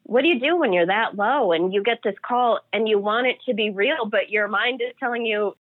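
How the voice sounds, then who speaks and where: A woman's voice: fairly high pitch, normal speed, hardly any pauses. Lady telling her story in an interview, heartfelt, sounds thin like a phone, no room echo. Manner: earnest, emotional storytelling. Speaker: interview guest. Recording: dry phone-like audio.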